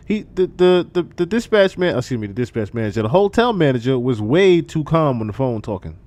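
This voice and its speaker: Man streamer, lively swooping pitch, profane, repetitive casual commentary. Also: fairly quick, few pauses, no room sound. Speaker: livestream commentator.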